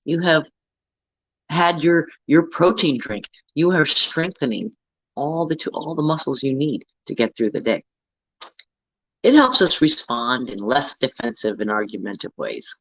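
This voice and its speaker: A man's voice: a little high, measured pace, fairly bright tone, dull audio. A man hosting a casual self-help talk, coaching earnestly and often checking in with "right?". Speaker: host.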